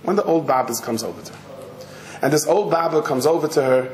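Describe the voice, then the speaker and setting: A rabbi telling a story in a sermon, animated and dramatic. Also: male voice, on the high side, fast. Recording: echoey hall, faint noise.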